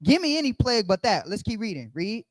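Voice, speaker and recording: A man's voice: high-pitched, big pitch swings, fast, no room sound. Man preaching in a casual, emphatic way. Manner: emphatic, repeats key phrases, talks straight to the room. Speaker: Bible study teacher. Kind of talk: conversational preaching.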